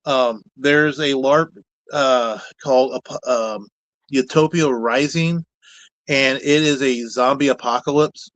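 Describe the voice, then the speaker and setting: Chatty guy rambling about his hobbies, mid pitch, dry close sound, a bit of cussing here and there. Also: slow pace, a bit bright, dry recording, poor audio. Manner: rambling, candid, peppered with mild cussing. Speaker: guest, puppet builder. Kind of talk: casual chat.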